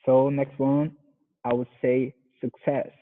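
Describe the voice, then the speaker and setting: Slow-speaking Brazilian man on a tinny line. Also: mid-range voice, level tone. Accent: Brazilian Portuguese. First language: Portuguese. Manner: careful, deliberate repetition of words. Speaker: student. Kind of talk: language lesson practice. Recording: tinny phone-like video call.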